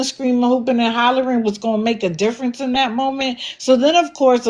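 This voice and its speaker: A woman's voice: a little high, darkish tone. Blunt, scolding woman livestream host. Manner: blunt, scolding, sarcastic rhetorical questions. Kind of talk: commentary livestream.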